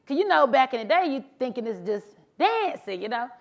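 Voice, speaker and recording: An adult truck driver, social media creator and mother of sons tells her story in a bubbly, animated motivational speech at a live event. Her high voice moves briskly, and she chats casually with the crowd, calling them "honey" and "y'all."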